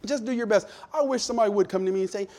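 A middle-aged male pastor, preaching a lively sermon full of personal stories, moving from jokey asides to loud rebukes. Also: high-pitched, very fast. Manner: animated, shifts from jokey asides to shouted rebukes.

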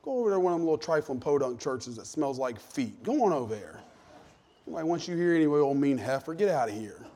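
Animated high-voiced pastor preaching. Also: male voice, fast. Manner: animated, shifts from jokey asides to shouted rebukes. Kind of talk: lively sermon with personal stories.

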